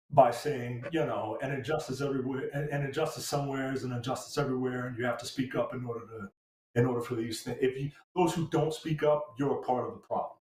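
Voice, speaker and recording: A man's voice: mid-range voice, a little mellow, distant mic. A man moderates a talk panel, summarizing a news piece before passing the floor to the others. He sounds set back from the mic, with an echoey room around him. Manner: summarizes articles, hands turns to panelists. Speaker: host.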